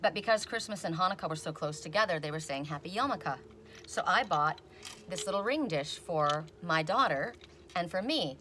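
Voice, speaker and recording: A middle-aged woman reading oracle cards in a casual, rambling chat, telling stories and quoting people in animated voices. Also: fairly low pitch, normal speed, a little hiss or hum. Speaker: oracle card reader. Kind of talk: casual chatty video reading.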